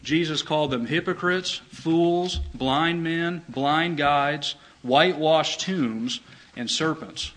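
A man's voice: a little high, slow pace, a bit bright, a little hiss or hum, low-quality recording. A man preaching a sermon, reading scripture aloud and explaining it in an earnest, emphatic way. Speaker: pastor.

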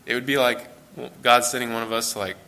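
A man with an American accent preaching a sermon in a church, conversational and relaxed, with fillers and self-corrections. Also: mid-range voice, quick pace.

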